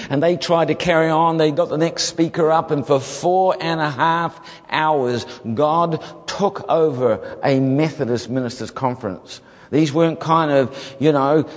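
A man from New Zealand with a New Zealand accent, telling a humorous testimony as a guest preacher, animated and full of comic asides. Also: a little high. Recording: long hall reverb.

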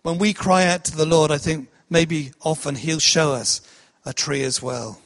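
Male preacher, high voice, unhurried and emphatic, in an echoing hall. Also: steady tone, fairly bright tone. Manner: slow, emphatic delivery, acting out cries. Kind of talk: sermon. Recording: long hall reverb.

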